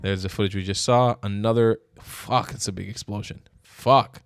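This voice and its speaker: A man hosting his own channel, giving blunt, profane, excitable reaction commentary. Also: on the low side, normal speed. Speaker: political commentator, channel host.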